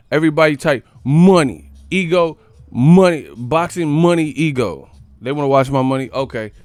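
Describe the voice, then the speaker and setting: Brief: male boxing stream host, loose slangy riffing to chat, average pitch, dry sound. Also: a little mellow, dry recording. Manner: slangy, rambling, talks straight to chat; laughs often. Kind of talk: casual live-stream commentary.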